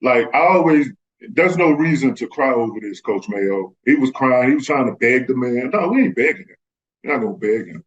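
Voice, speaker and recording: A man's voice: mid-range voice, expressive, brisk, muffled recording. A man, a guest telling stories in casual chat and acting out the voices of the people in them. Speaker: guest, former pro basketball player. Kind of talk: casual storytelling.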